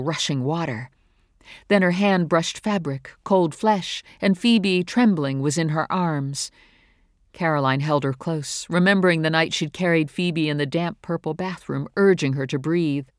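A woman narrating a novel in a steady, measured reading voice. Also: sits low, no room sound, studio quality. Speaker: audiobook narrator. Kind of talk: scripted narration.

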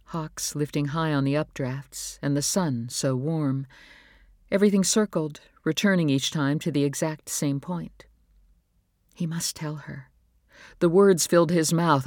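A woman narrating a novel as an audiobook, reading in a calm, even, measured way. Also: low-pitched, no room sound, clean studio sound. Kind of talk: scripted narration.

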